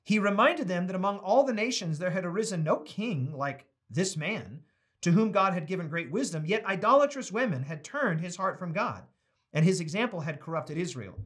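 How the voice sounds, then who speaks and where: A man's voice: high-pitched, lively intonation, moderate pace, fairly bright tone, slightly rough. An American man leading a casual Bible study, reading passages aloud and telling chatty stories between them. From United States. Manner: chatty and anecdotal, reads quotes aloud. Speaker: Bible teacher.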